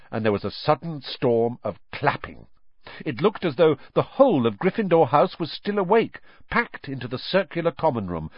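A man's voice: medium pitch, no echo, muffled recording. A man narrating a storybook aloud, acting out each character's voice. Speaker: audiobook narrator. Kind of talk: storybook reading.

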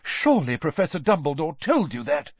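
A man's voice: on the high side, sing-song, brisk, husky, no room sound, voice pushed up. A man doing a prim, shocked older witch professor. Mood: shocked, indignant. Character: stern older female witch professor, proper. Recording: dull, dry close-mic recording.

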